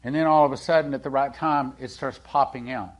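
A man preaching a sermon in a conversational way, asking the congregation questions and swinging between loud and hushed delivery. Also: mid-range voice, a little fast. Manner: animated, swings from loud to hushed, acts out quoted dialogue.

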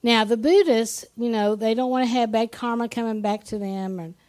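Woman preacher with a high voice, chatty sermon delivery, poses questions to the congregation and repeats words as she restarts. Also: normal speed, a little mellow. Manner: conversational, asks the congregation questions.

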